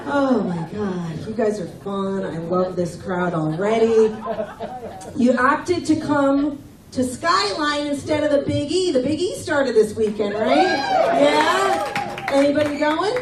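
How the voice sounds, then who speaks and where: A middle-aged woman works a comedy club crowd with brash, teasing banter. Her voice sits a little high. She is caught from a distance in an echoey room with loud crowd laughter around her. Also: expressive, unhurried. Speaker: stand-up comedian. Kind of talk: stand-up set with crowd work. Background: audience laughter.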